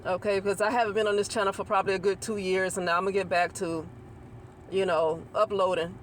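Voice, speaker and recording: A woman delivers a loose, unscripted spiritual talk to her channel's viewers. She rambles, restarts sentences and repeats herself, often checking in with a quick "okay?" Faint noise sits in the background. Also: mid-range voice, flat delivery. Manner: rambling, repeats and restarts phrases, asks listeners to agree. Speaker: channel host. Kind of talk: casual spiritual monologue to camera.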